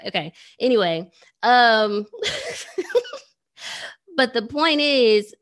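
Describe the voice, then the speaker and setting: A woman in her thirties telling a personal story in a casual, animated way, with lots of "like" fillers and sarcastic asides. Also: mid-range voice. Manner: frequent "like" fillers. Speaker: trading educator.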